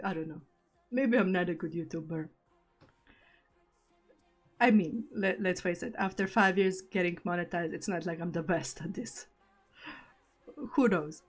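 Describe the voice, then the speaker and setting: A young woman streamer, not a native English speaker, chatting casually and telling stories with frequent laughs. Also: mid-range voice. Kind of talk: casual live-stream chat.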